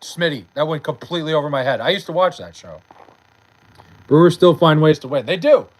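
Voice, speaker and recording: A man's voice: a little high, lively intonation, brisk, low-quality recording. A young man chatting casually on a late-night livestream, reading chat aloud and bantering with loose, profane talk. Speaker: live streamer.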